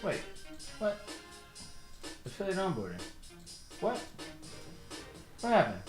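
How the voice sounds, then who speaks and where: A man's voice: on the high side, lively intonation, unhurried, fairly bright tone. A man hosting a livestream in casual chat, rambling and stammering as he tells a story. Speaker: livestream host. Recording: roomy echo, faint music.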